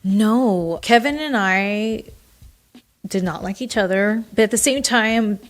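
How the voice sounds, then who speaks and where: Candid, animated woman telling stories. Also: medium pitch, slow pace. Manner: animated, candid, laughs often, casual swearing. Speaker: guest, former wrestler. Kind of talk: casual interview storytelling.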